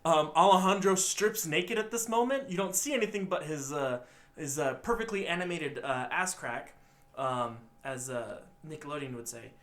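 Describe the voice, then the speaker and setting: A young man co-hosting a podcast, retelling a film's plot in a rambling, animated way and acting out the characters' lines. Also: on the high side, normal speed. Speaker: podcast co-host. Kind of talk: casual movie recap.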